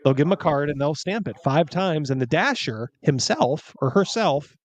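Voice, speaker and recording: A man's voice: a little high, animated, normal speed, dry recording. A man hosting a podcast, telling stories in casual chat and rambling through them with lots of fillers. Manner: rambling storyteller, heavy on fillers. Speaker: podcast host.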